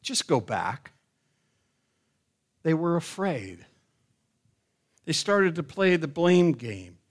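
A middle-aged man preaching a sermon as pastor, asking the congregation questions and rising to loud, emphatic calls. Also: fairly high pitch, very animated, takes it slowly.

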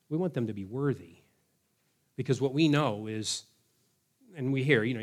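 A man preaching a sermon in a measured way, slowing down to stress key words. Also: medium pitch. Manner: measured preaching, slows for emphasis. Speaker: pastor.

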